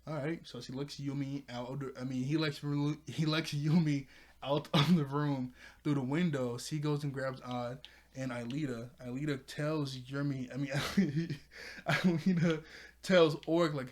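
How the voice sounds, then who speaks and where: Rambling, giggly man with a higher voice. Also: moderate pace. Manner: rambling, laughs often, repeats himself. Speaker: cartoon episode reviewer. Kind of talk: casual recap and commentary.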